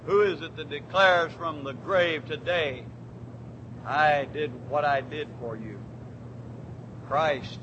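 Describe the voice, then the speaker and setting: Fervently preaching in a high, bright voice, a man moves between hushed, stretched-out phrases and shouted proclamations. The low-quality recording carries a faint rumble from the church behind him.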